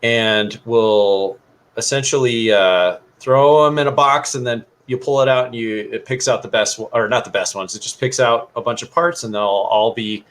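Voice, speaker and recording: A man's voice: mid-range voice, moderate pace, fairly bright tone. A man co-hosting a casual livestream, explaining things in a loose, rambling way with lots of fillers. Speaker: livestream co-host.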